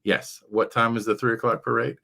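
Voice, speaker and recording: A man's voice: medium pitch, flat delivery, fairly quick, gravelly, a crowd in the background. A man hosting a casual livestream chat, rambling along with frequent fillers. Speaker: livestream show host.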